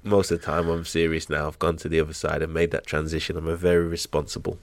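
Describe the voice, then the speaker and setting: A man's voice: a bass voice, level tone, fast, no echo. A young adult man, a guest on a podcast, talking in playful, joking banter. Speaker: podcast guest, football agent. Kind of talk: casual podcast chat.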